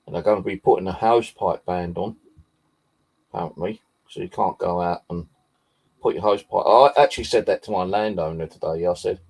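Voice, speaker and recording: Low gravelly bloke rambling on, swears a lot, husky dark voice. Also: male voice, fairly quick, poor audio. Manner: rambling, swears often, many fillers. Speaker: vlogger. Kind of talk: casual rambling chat.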